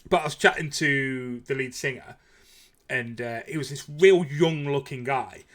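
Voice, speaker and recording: A man in his thirties hosts a podcast in easygoing, rambling chat. His voice is bright and forceful, and he runs his stories together with fillers. He sounds eager and enthusiastic. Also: mid-range voice, a little slow. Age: 30s. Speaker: podcast host. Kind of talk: casual chat.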